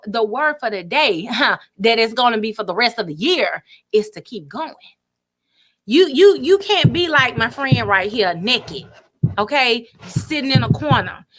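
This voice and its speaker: Bright, animated woman preaching purpose. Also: fairly high pitch. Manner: animated, preachy, repeats words, folksy asides. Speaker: motivational speaker. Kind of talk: faith-based motivational talk.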